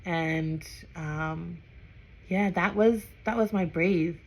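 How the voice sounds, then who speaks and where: Young woman, low voice, talks slow and soft with lots of ums, personal share. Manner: soft, halting, with many fillers and pauses. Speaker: breathwork trainee. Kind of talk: personal reflective vlog.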